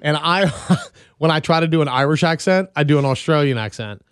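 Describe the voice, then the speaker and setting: A man's voice: a little high, moderate pace, smooth, no echo. A man co-hosting a casual podcast chat, easygoing and self-deprecating as he shares film trivia. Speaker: podcast co-host.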